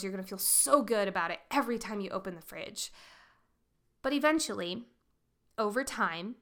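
A woman hosting a solo podcast as a coach, talking in an emphatic, animated way with playful demonstrations of tone. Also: medium pitch, moderate pace.

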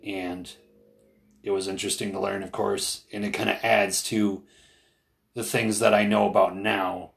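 A man with a low, gravelly voice talks through a casual podcast conversation. He is earnest and hesitant, full of fillers and restarts. When he retells what other people said, he pushes his voice up higher and gets animated. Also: measured pace. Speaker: podcast co-host.

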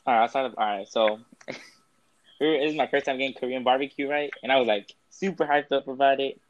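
A man's voice: medium pitch, fairly even intonation, a little fast, highs cut off, slight background noise. A young man, a guest on a casual podcast, telling a story with sheepish giggles.

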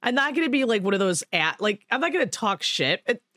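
A woman's voice: on the high side, sing-song, brisk, a bit bright, no room sound. Woman podcast host rambling thru a story, swears a lot, laughs, dry close mic. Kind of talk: casual chat.

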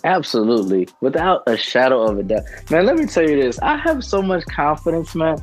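A man guesting on a podcast tells a personal testimony. He sounds earnest and rambles a little, with a lowish voice. Faint music plays behind him. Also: very animated, a little fast.

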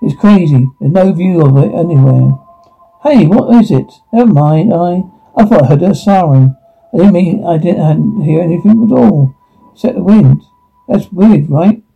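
A man reading a whole drama script aloud in a flat, stumbling way, with restarts, sound cues included. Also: a little high, moderate pace, vocal fry, breathy edge. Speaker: reader voicing a whole drama. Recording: dull lo-fi recording with faint music.

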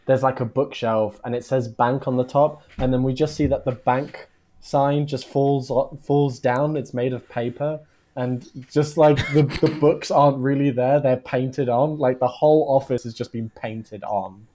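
An improv actor playing a suspicious wife who speaks haltingly, stuck on how a clerk talks. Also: male voice, mid-range voice, fairly even intonation, mellow, a little hiss or hum, natural voice. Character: suspicious wife fixated on an accent. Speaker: improv performer. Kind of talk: improv comedy scene.

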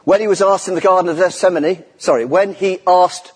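Preaching a sermon in a church, a middle-aged lay preacher sounds earnest and emphatic, repeating key phrases for weight. His high, husky voice keeps a steady tone at a brisk pace. Long reverb fills the echoey church hall.

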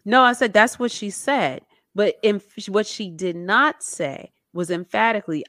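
A woman co-hosting a casual chat about a documentary, telling it with lively acted-out quotes. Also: mid-range voice, unhurried, hardly any pauses, no room sound, clean studio sound. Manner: animated storytelling with acted-out quotes. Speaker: podcast co-host.

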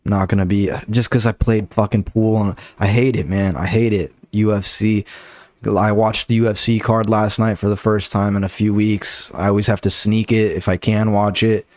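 A man's voice: lowish voice, flat delivery, normal speed, a little mellow, dry recording. A male comedian and podcast host telling loose, profane stories in a casual ramble.

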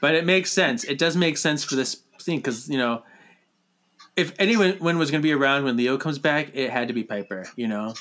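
A man chatting casually about a TV episode, animated and gushing, breaking into dramatic quoted outbursts. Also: mid-range voice, moderate pace. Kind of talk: casual chat recapping a TV episode.

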